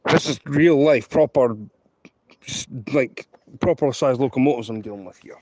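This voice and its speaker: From outdoors by a railway line, a Scottish trainspotting livestreamer addresses viewers through a handheld camera at a moderate pace. His medium-pitched voice is a little mellow, his talk rambling, emphatic and repetitive, and the recording is dry.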